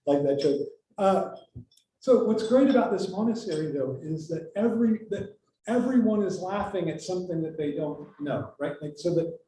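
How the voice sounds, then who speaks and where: A man's voice: a little high, mellow, a little hiss or hum. A man giving an academic lecture in a casual, conversational way, often breaking off his sentences and telling jokes. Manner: conversational, self-interrupting, tells jokes. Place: lecture hall. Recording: echoey hall, voice from far off.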